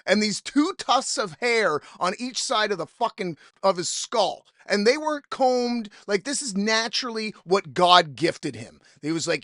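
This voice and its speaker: A podcast host with a high, fairly bright voice speaks very animatedly at a measured pace with few pauses, in studio quality with no echo. He rants through a casual story, exasperated and profane, frequently quoting the people he ran into.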